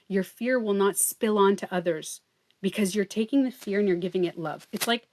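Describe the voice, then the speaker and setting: A woman hosting a casual livestream, talking earnestly and full of fillers. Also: mid-range voice. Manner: chatty and earnest, many fillers like "like" and "you know". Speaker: livestream host and beauty coach.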